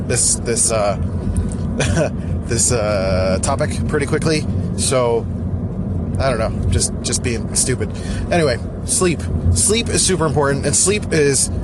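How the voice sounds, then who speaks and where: A man's voice: medium pitch, heavy background noise. Rambling man talking while driving. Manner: scattered, joking, self-deprecating. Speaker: podcast host. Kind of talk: casual rambling monologue. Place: in a car in traffic.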